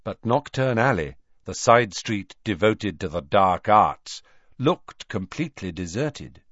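A man narrating a storybook aloud in a measured, expressive reading. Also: lowish voice, no echo, muffled recording. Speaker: audiobook narrator. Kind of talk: scripted narration.

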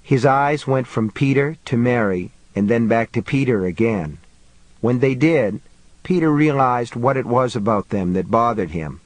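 A man reads a novel aloud in a steady, measured voice at a middle pitch. The recording is close and completely dry, like a booth read. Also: no room sound, rough recording. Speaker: audiobook narrator. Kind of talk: scripted narration.

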